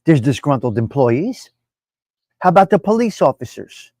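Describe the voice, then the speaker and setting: A man's voice: a little high, big pitch swings, moderate pace, darkish tone, no room sound. A man from New Jersey with a New Jersey accent, hosting a live stream and talking bluntly, repeating himself for emphasis. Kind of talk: casual opinionated live stream talk.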